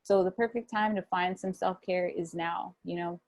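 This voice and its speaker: A young woman speaking casually to an online audience over a video call from a room at home, relaxed and chatty, with many fillers and restarts. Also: on the low side, moderate pace. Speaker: guest speaker at a wellness webinar. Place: home room with a fan running.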